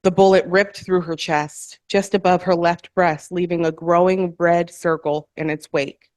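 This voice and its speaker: A woman at an open mic, reading her own novel aloud in a measured, careful way and correcting small slips as she goes. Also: fairly low pitch, fairly even intonation, darkish tone, no room sound. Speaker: featured author at an open mic. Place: performance hall, in person.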